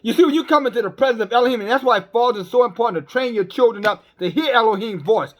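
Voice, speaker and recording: A man's voice: extremely high pitch, fast talker. A man preaching a sermon in a blunt, emphatic, scolding way, often repeating words as he stumbles. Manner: scolding, calls listeners sisters and brothers.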